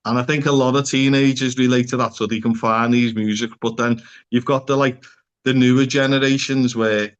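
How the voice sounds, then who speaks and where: A man's voice: mid-range voice, steady tone, brisk, clear, resonant tone, lo-fi sound. Rambling Scouse man, casual chat. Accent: Liverpool (Scouse). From Liverpool, England. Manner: rambling, peppers speech with "like" and swearing. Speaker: psychotherapist guest. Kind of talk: casual podcast conversation.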